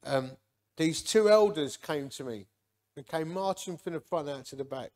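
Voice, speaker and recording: A man, giving a lively, jokey personal testimony to a men's gathering and acting out the people in it. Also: a little high, normal speed. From Hornchurch, England. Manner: lively, jokey, acts out quotes.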